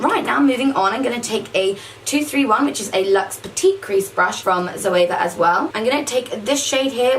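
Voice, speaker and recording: A woman's voice: a little high, normal speed, few pauses, slight background noise. Chatty woman, a bit far from the mic. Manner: chatty, says "like" often. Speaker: makeup vlogger. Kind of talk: casual makeup tutorial talk.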